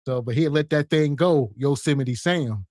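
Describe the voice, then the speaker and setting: A man's voice: medium pitch, moderate pace, darkish tone, dry recording, studio quality. A man hosting a podcast, joking about a video clip in a laid-back way and chuckling as he talks. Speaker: podcast host. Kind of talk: casual commentary on a video clip.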